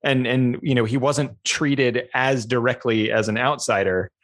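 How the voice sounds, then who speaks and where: A man's voice: mid-range voice, steady tone, a little slow, fairly bright tone. A man co-hosting a podcast in casual chat, rambling and thinking aloud with many fillers. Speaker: podcast co-host.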